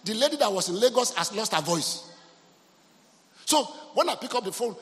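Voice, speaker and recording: Nigerian pastor preaching in a reverberant hall. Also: male voice, very high-pitched, a little fast. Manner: storytelling, animated, mixing in Yoruba phrases. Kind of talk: sermon. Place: church hall.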